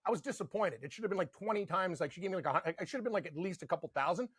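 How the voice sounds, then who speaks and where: Rambling, husky-voiced male podcast host. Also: sits high, racing, no room sound. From Canada. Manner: rambling, animated storytelling with lots of "like". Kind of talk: casual sports betting chat.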